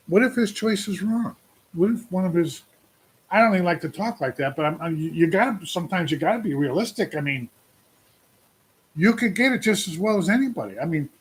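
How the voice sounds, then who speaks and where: A man's voice: high voice, breathy edge. A man in his sixties venting on a casual livestream, rambling and putting questions to his viewers. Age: 60s. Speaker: trucker livestream host.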